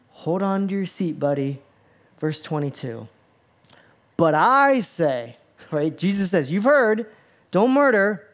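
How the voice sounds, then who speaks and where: A middle-aged man preaching a sermon, acting out listeners' reactions with humor and lively shifts in voice. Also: fairly high pitch. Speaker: pastor.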